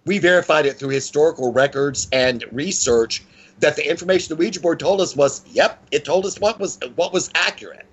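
A man telling a personal story as an interview guest, in a lively conversational way with frequent restarts. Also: a little fast, husky, rough recording. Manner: animated, with frequent pitch swings and restarts.

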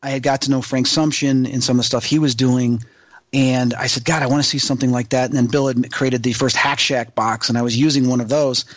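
A man's voice: mid-range voice, brisk, dry recording. A man, a guest in an interview, telling a story with lots of fillers and acting out the voices of the people he quotes. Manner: animated, acts out quoted voices, rambling with many fillers. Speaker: paranormal investigator guest.

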